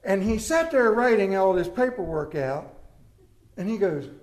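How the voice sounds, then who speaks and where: A male preacher telling a comic personal story in a sermon, with animated delivery. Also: sits high, measured pace. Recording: echoey room.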